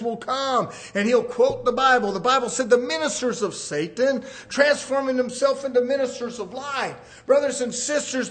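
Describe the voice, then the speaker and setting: A man preaching a fervent sermon, repeatedly calling out "brothers and sisters" and building to shouts. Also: extremely high pitch.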